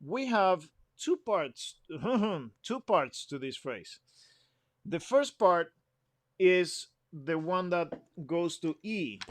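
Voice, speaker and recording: A man's voice: high-pitched, expressive, drawn-out words. A man giving an instrument lesson, explaining phrasing patiently, humming example phrases and counting the group in. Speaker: music teacher.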